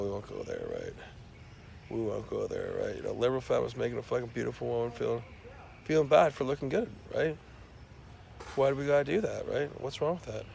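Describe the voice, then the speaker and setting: A man's voice: medium pitch, gravelly, darkish tone, slight background noise. A man delivering a profane, rambling comic rant full of fillers and restarts. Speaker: self-described scientist.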